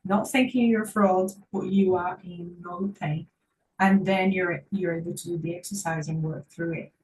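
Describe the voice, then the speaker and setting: Earnest low-voiced woman physiotherapist, distant mic. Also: steady tone, moderate pace, a little mellow, a little hiss or hum. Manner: earnest, encouraging, repeats phrases for emphasis. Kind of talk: online workshop talk.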